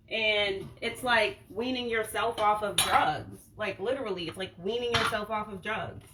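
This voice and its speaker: This woman from Boston, USA, runs a casual wellness livestream, fielding viewer comments bluntly with slang, heavy use of "like," and the occasional swear. She speaks at a normal speed in a medium-pitched, fairly bright voice, with a Boston accent that avoids the broad vowels. The audio is poor, with slight background noise.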